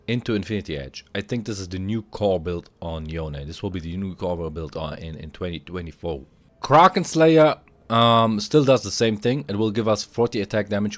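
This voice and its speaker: A man with a lowish voice who is a little under the weather, walking through a video game item build. He reads item stats aloud and keeps hyping how strong the build is, recorded close and dry with no room sound. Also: dry recording. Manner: explanatory, hypes up items, reads stats aloud. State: a little sick, coughing. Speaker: game guide creator. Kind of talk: gameplay guide commentary.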